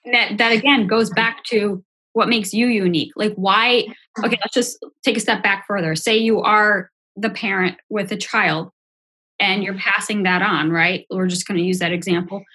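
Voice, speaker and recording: A woman's voice: medium pitch, fairly even intonation, moderate pace, sharp tone, breathy edge. A middle-aged woman co-hosting a podcast, talking in a reflective, casual way and asking rhetorical questions. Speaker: podcast co-host. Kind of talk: casual chat.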